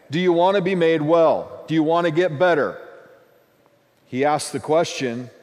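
Preaching pastor in a reverberant hall. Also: male voice, a little high. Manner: preaching with repeated phrases and emphatic buildups. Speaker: lead pastor. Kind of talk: sermon.

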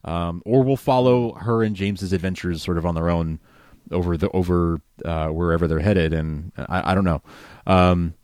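A man with a fairly low voice gives an easygoing take on a TV episode, hedging with plenty of fillers. The recording is close and dry. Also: moderate pace, darkish tone, dry recording. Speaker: podcast co-host. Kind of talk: casual TV recap chat.

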